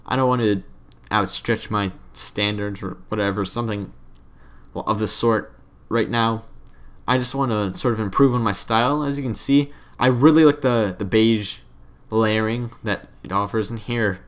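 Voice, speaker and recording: A man's voice: lowish voice, moderate pace. A young man giving casual, rambling commentary over his own game footage, offhand and self-deprecating. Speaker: let's play commentator.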